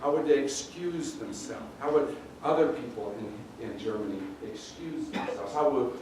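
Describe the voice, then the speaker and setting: A pastor preaching a sermon in a conversational, halting way, often repeating words. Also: male voice, medium pitch, lively intonation, background noise. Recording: roomy echo, distant mic, faint ambience.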